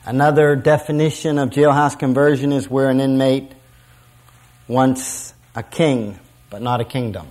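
A man's voice: mid-range voice, fairly even intonation, unhurried, darkish tone. A middle-aged man preaching a sermon to a prison ministry audience, emphatic and repetitive, leading the audience to repeat lines.

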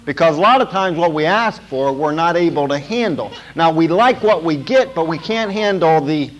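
A man's voice: on the high side, expressive, normal speed, a little hiss or hum, poor audio. A man preaching a sermon as pastor, emphatic and repetitive, often checking in with the congregation.

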